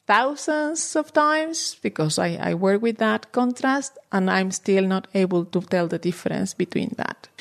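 A woman's voice: medium pitch, a little mellow. A woman researcher patiently explaining language development step by step in an interview.

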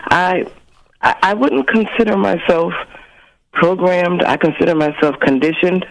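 Hesitant higher-voiced male caller. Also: measured pace, creaky, low-quality recording. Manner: warm, hesitant, repeats words.

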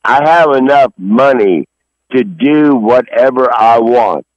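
A man's voice: medium pitch, slow, no echo. A man on a phone call who rambles angrily, swears constantly and sniffles from the cold outdoors. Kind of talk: profane phone rant. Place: outdoors behind a grocery store in snow.

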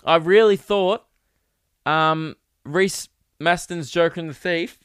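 A young man hosting a casual solo podcast, ranting with animated, profane mock outrage. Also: a little high, slow pace, clear, resonant tone, dry recording, studio quality. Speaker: podcast host.

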